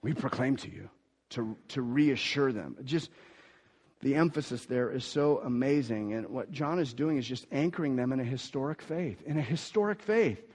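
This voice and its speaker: A man preaching a sermon as pastor, swinging from quiet asides to loud, emphatic declarations and repeating key phrases. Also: mid-range voice, lively intonation, normal speed, husky, long reverb tail.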